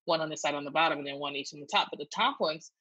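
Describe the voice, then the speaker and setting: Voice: medium pitch, rapid-fire, bright, forceful tone, slightly rough, dull audio. A podcast host joking around and trading stories in casual chat. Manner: jokey, chatty, retells anecdotes with quoted voices.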